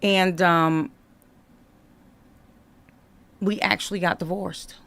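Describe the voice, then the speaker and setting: Animated woman with a gravelly edge. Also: fairly low pitch, takes it slowly. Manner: animated, conversational, acts out dialogue in her retelling. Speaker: guest telling her life story. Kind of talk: candid storytelling in a podcast interview.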